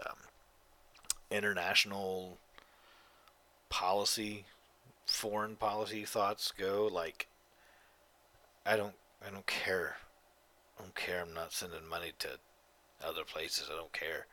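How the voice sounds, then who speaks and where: Fairly low in pitch yet bright and forceful, the voice belongs to an adult man running a podcast by himself. He's clearly tired, yawning at times as he delivers a rambling, emphatic, foul-mouthed casual monologue.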